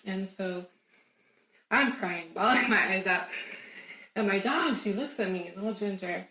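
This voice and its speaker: A woman guest on an interview show, telling a personal story in an animated, emphatic way and laughing often. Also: medium pitch, unhurried. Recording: roomy echo.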